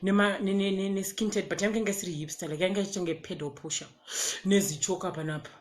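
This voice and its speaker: A woman with a Zimbabwean accent tells a personal story in a casual, animated way and acts out the quotes. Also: mid-range voice, fast talker, roomy sound. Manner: animated, switches between English and Shona, acts out quotes. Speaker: storyteller vlogger.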